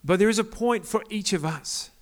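A man's voice: high-pitched, moderate pace. A young man giving a casual, joking sermon to a youth group, often asking the crowd questions.

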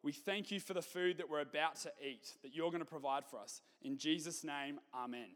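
Preacher quoting a confident faithful orphanage keeper, Australian accent, church reverb. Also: male voice, a little high, fairly quick, fairly bright tone, close to an everyday voice. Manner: confident, trusting. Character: calm faithful man running an orphanage.

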